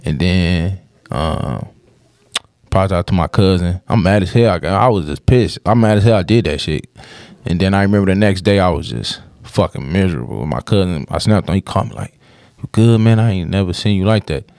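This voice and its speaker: A man's voice: deep voice, expressive, fairly quick, creaky, a little mellow, no room sound, studio quality. A young man on a podcast, telling a personal story in casual chat, with lots of slang and swearing and restless run-on sentences.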